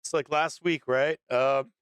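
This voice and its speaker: Swearing man with smooth dry voice. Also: fairly high pitch, steady tone, a bit bright, no room sound. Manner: heavy swearing, halting with many fillers. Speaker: livestream show host. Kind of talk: unscripted livestream talk.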